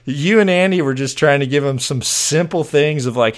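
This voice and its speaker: A man's voice: mid-range voice, moderate pace, few pauses. A man, a podcast guest, chatting casually with frequent laughs and slang. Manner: laughs often, uses casual slang like 'dude' and 'freaking'. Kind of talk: casual chat.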